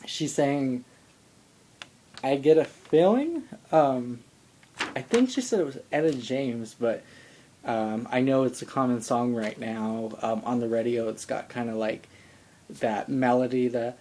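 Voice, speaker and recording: A young man's mid-range, warm voice comes at an unhurried pace, with a little hiss or hum. He's a vlogger recapping a TV singing show into a shaky handheld camera, rambling casually as a talking head with many ums and likes.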